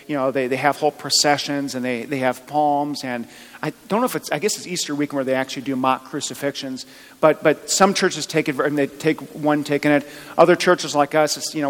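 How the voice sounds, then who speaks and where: A man's voice: on the high side, in a large hall, poor audio. A man preaching a sermon as pastor, chatty, with joking asides. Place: church.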